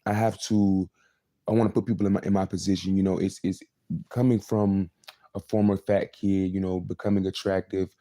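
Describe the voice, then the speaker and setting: A man's voice: low voice, level tone, fairly quick, warm tone, no room sound, clean studio sound. A man in his twenties hosting his own live show, talking in a rambling, repetitive monologue about himself. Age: 20s. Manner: rambling and repetitive, many fillers. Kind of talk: casual confessional monologue.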